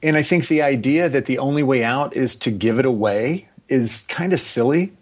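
A man in his forties, a podcast guest chatting casually, relaxed and rambling with restarts and asides. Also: mid-range voice, moderate pace. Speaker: podcast guest, agency founder. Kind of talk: casual interview chat.

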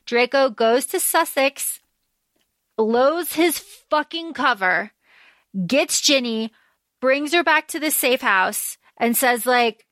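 A woman co-hosting a podcast, excitedly recapping a story in casual chat and swearing freely. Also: high voice, slow, dry recording. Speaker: podcast co-host.

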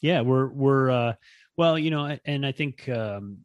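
A man's voice: mid-range voice, unhurried, no room sound, highs cut off. An American man co-hosting a podcast in casual chat, rambling and correcting himself with wry asides. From United States. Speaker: podcast co-host.

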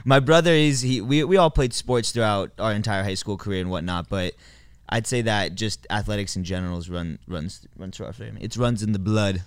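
A man's voice: on the low side, fairly quick, smooth, no room sound. Easygoing man guest, laughing lightly. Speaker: guest, personal trainer. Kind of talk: casual chat.

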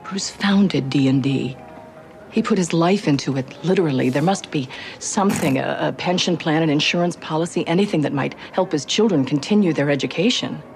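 A grieving, pleading sister. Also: female voice, sits low, brisk, darkish tone, faint music behind. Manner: earnest, pleading. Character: grieving woman pleading for her late brother's sons.

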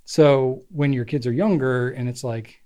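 A man co-hosting a podcast, chatting casually. He talks at an everyday pitch and rambles through long stories, full of "like" and "you know". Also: unhurried. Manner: relaxed storyteller, many fillers. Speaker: podcast co-host. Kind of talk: casual chat.

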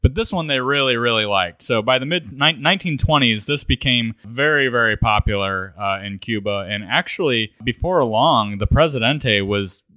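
Man, podcast co-host, casual chat, chuckling, bright voice, dry sound. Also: medium pitch, normal speed, few pauses, no echo. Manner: relaxed, chuckling, thinks aloud. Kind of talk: casual chat about cocktails.

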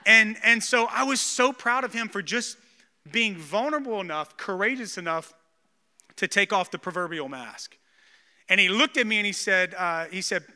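Brief: thirties pastor, lively storytelling sermon, very bright tone. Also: male voice, sits high, fairly quick, in a large hall. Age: 30s. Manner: energetic, storytelling with frequent restarts.

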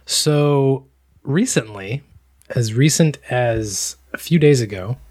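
A man's voice: medium pitch, animated, slow, a little mellow, slightly rough. A man with an American accent co-hosts a casual podcast. His voice sits in a middle register, and he tells stories in a sardonic, emphatic way. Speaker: podcast co-host. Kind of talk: casual chat.

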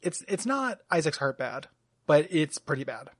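Chatty man with a fairly high, dry voice. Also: very animated, normal speed, dry recording. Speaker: podcast co-host. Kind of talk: casual podcast chat.

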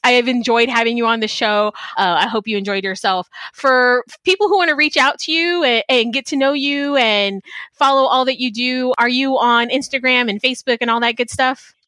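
A woman's voice: a little high, moderate pace, bright, forceful tone, no room sound. A woman hosting a podcast interview, chatty and laughing easily in casual conversation. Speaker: podcast host.

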